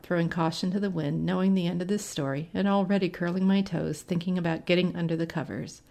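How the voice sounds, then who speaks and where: A woman reads a first-person short story aloud in a wry, conversational way. Her voice is pitched low and has a gravelly fry running through it. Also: a little mellow. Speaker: story reader.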